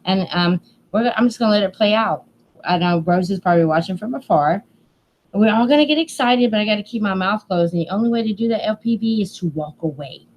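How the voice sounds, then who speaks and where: A woman's voice: medium pitch, quick pace, rough recording. Chatty woman hosting a livestream. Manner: chatty, laughing, playful asides. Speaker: livestream host. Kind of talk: casual livestream chat. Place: indoors at home near a window.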